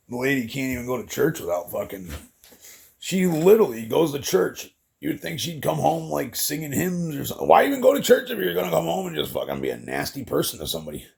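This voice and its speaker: A man's voice: fairly high pitch, big pitch swings, a little fast, a little mellow. A middle-aged man venting in a rambling vlog monologue, swearing constantly and leaning on fillers, upset and emotional. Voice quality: gravelly, husky. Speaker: vlogger.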